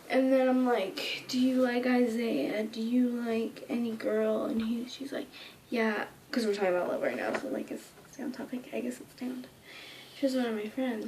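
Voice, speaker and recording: A woman's voice: a little high, background noise. A young woman casually telling a rambling storytime, often dropping into whispers and squealing when she quotes herself. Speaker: vlogger.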